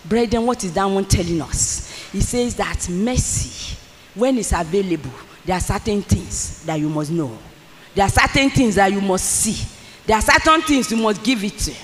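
A preacher delivering a sermon in a church hall, firing repeated questions at the congregation and swinging from low asides to shouted calls. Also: normal speed, slight background noise. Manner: repetitive, rhetorical questions to the congregation. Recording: long hall reverb, faint ambience.

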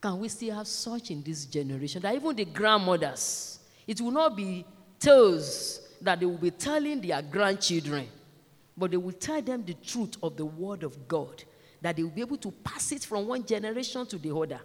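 Long church reverb surrounds a woman delivering a sermon in a large church, her fairly low, expressive voice moving at normal speed. She emphatically exhorts the congregation, addressing them directly and repeating her points.

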